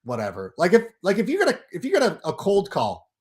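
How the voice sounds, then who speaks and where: Animated ranting man, lively pitch. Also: fast. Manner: animated, sarcastic ranting with loud mock quotes. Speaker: guest. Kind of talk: casual chat on a livestream.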